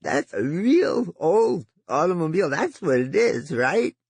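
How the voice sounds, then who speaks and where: A male narrator voicing a childish young man who stammers and giggles, in a much higher voice. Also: big pitch swings, measured pace, a little mellow, breathy edge, no room sound, heavily acted. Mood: giggly.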